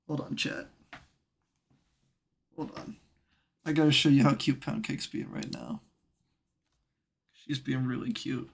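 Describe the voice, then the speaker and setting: A woman's voice: very deep voice, steady tone, measured pace, gravelly, long pauses. A woman streaming from her room at home, chatting casually and talking in doting, playful baby talk to her pet. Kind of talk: casual live-stream chat.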